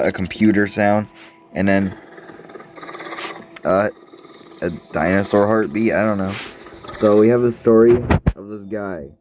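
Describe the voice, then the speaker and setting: A man with a lowish voice rambles through casual game commentary, stumbling over fillers and restarts as he makes up stories. Faint music plays softly behind him. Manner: rambling, filler-heavy, offhand storytelling.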